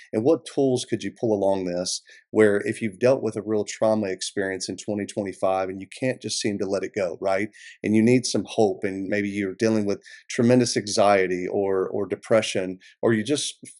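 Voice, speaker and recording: A man's voice: fairly low pitch, darkish tone. A man hosting a podcast, asking long, rambling questions with restarts. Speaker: podcast host. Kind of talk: conversational podcast interview.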